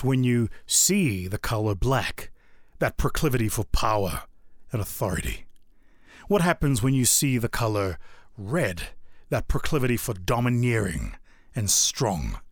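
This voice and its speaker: Animated man giving a talk. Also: medium pitch, no echo, studio quality. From South Africa. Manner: rhetorical questions, emphatic pauses. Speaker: speaker. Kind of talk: motivational talk.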